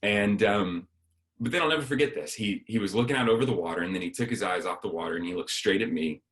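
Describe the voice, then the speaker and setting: Man, lowish voice, guest speaker, storytelling sermon, acts out dialogue. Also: quick pace. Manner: lively storyteller acting out dialogue.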